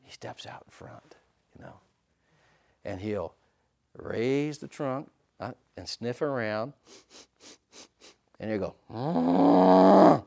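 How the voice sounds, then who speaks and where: Animated preaching man. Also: mid-range voice, slow, pauses often. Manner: animated preaching, swinging from hushed to loud; asks the congregation for responses. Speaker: pastor. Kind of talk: sermon.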